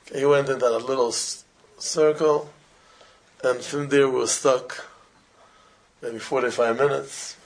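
Man giving an animated, storytelling religious talk. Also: mid-range voice, unhurried, pauses often, slight background noise. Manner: animated storytelling in simple, broken English, sprinkled with Hebrew and Yiddish terms. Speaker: religious teacher. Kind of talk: informal Torah talk with stories.

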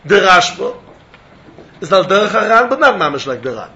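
Man, Talmud lecture, high voice, repeats phrases, dull lo-fi recording. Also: sing-song, moderate pace, bright, forceful tone. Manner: mixes Hebrew and Yiddish terms, repeats phrases. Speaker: Talmud teacher.

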